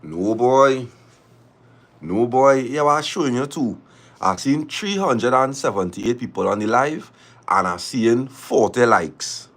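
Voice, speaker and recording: A man with a Trinidadian accent chatting casually on a live stream, lively and repeating his phrases as he urges viewers to press like. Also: mid-range voice, unhurried.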